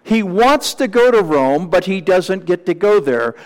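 A male pastor preaching a Sunday morning sermon in a measured, teacherly way, with small asides to the congregation. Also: high-pitched, lively intonation, long reverb tail, low-quality recording.

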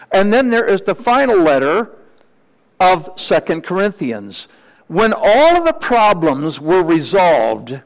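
Slow-speaking high-voiced male preacher. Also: in a large hall, rough recording. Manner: measured, teacherly, with asides to the room. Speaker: pastor. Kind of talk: sermon.

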